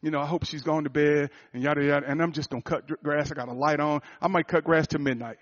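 Man preaching with swelling, then hushed delivery. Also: on the high side, steady tone, fast, lo-fi sound. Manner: swings from loud, rising fervor to hushed, quiet confession. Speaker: pastor. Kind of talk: sermon storytelling.

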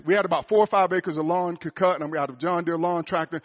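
Man preaching with swelling, then hushed delivery. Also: fairly high pitch, fairly quick, few pauses, lo-fi sound. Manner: swings from loud, rising fervor to hushed, quiet confession. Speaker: pastor. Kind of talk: sermon storytelling.

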